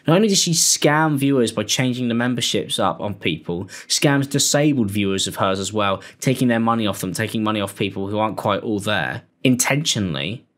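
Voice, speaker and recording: A man's voice: medium pitch, a bit bright. A young British man giving blunt, sweary, exasperated commentary as the host. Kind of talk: angry commentary.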